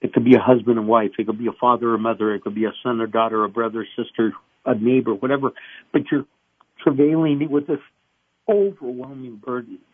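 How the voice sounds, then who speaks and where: A middle-aged male pastor being interviewed, preaching with animated acted-out voices. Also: mid-range voice, a little fast, breathy edge, dry recording. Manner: animated, acts out voices and cries. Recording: tinny phone line.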